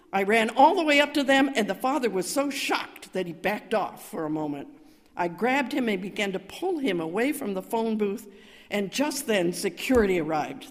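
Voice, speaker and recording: An older woman minister telling a story in a sermon, calm and measured, rising to emphatic cries. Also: on the low side. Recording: reverberant hall.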